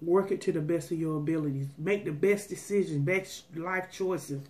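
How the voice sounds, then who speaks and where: Low and a little mellow, a woman's voice moves at a moderate pace as she eats on camera. Her mukbang chat is casual and homespun, calling out to the audience before turning into a sermon-like pep talk.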